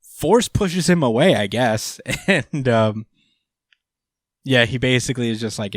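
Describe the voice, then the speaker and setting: A man's voice: medium pitch, a little slow, pauses often, no room sound, studio quality. Rambling male podcast host. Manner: rambling, many fillers, casual swearing. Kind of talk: casual chapter recap.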